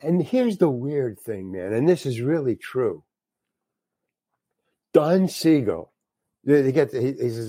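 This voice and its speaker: A man's voice: mid-range voice, lively intonation, measured pace, long pauses, warm tone, no room sound. An older man, a guest actor, telling a casual anecdote in a rambling way, with restarts and casual slang.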